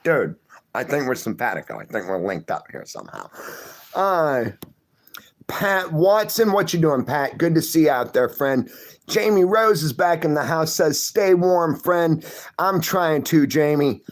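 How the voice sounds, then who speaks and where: A man's voice: on the high side, sing-song, measured pace. A middle-aged man hosting a livestream, reading viewer comments and greeting each person by name in a casual, friendly chat. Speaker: livestream host.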